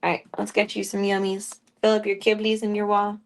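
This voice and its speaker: A woman streaming casually from home, chatting with viewers and talking softly to her cats. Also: medium pitch, monotone, brisk. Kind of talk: casual live-stream chat.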